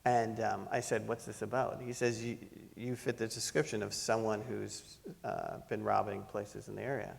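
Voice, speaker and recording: A middle-aged man telling a personal story to an audience, animated and laughing as he acts out the voices in it. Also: on the low side, normal speed, gravelly, few pauses, big-room sound. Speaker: panel speaker. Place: lecture hall.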